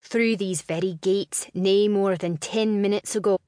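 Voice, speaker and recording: A woman's voice: medium pitch, fairly even intonation, darkish tone, dry recording, close to an everyday voice. A woman voicing a proud, teasing clan laird in a storybook reading. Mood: gruff, teasing. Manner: slow, dry, quipping.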